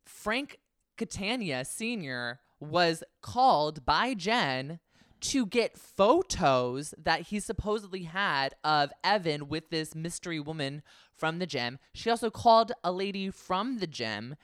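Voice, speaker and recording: Podcast co-host, smooth mid-pitched voice, dry close mic, chatty storyteller. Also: animated, slow pace, a bit bright, dry recording. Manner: chatty storyteller, acts out quotes, frequent restarts. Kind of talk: casual podcast chat.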